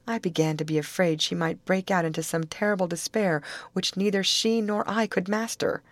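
A woman narrating a classic novel aloud in a measured, earnest storytelling manner. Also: fairly low pitch, steady tone, dry recording. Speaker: audiobook narrator.

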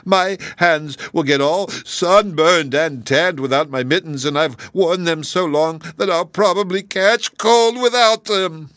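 A weepy female kangaroo wails and stammers in a shrill, squeaking voice, as a man puts her on. She is fussy and tearful, her words breaking on every sob in this storybook reading. The recording is close and dry. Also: expressive, normal speed, fairly bright tone, no room sound. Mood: plaintive. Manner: stammering through sobs, very high wailing voice.

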